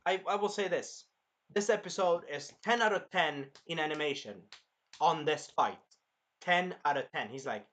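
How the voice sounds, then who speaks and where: Excitable high-voiced man chatting. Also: normal speed. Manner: excitable, acts out scenes with shouted voices. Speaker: anime review co-host. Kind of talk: casual chat.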